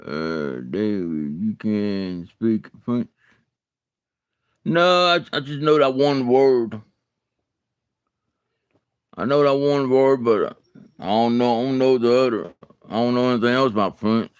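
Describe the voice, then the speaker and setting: A man from Alabama with a Southern American accent, hosting a casual livestream, chatting with viewers in a halting, folksy way and often repeating his words. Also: mid-range voice, expressive, smooth, no room sound, studio quality. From Alabama, USA. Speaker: livestream host. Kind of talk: casual livestream chat answering comments.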